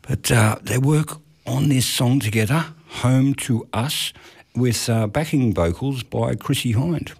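A man's voice: mid-range voice, measured pace, vocal fry, darkish tone, slightly rough. A man hosting a radio music show, chatting casually and jokingly with plenty of "mate" and "no worries.". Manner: laid-back, jokey, drops in "mate" and "no worries". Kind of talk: casual chat.

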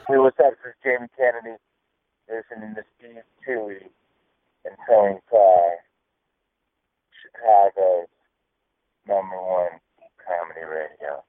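A man reading a radio station promo in a deep, put-on sultry voice. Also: fairly even intonation, unhurried, long pauses, dry recording. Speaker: celebrity giving a station promo. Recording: tinny phone-line sound.

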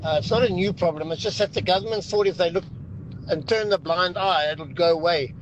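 A man's voice: high voice, fairly quick, lo-fi sound, slight background noise. A man calling in to a radio show, speaking frankly. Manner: frank, talks plainly about his past. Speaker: radio caller.

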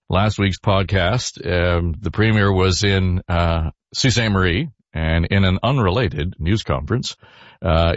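Male host, lowish voice, easygoing and chatty, dull dry sound. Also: dry recording. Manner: relaxed, chatty, with many filler pauses. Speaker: podcast host. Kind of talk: casual panel chat.

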